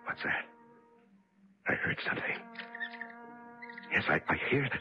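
An actor playing a frightened male prisoner alone in a dark cell, muttering to himself in halting bursts between panic and hush, in an old radio drama. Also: close to an everyday voice. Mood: rambling. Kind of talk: 1950s radio drama acting. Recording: lo-fi old radio recording with music.

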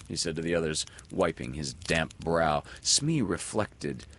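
A man reading a children's story aloud in an expressive, lilting storyteller manner. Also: a bass voice, moderate pace, few pauses. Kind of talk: storybook read-aloud narration.

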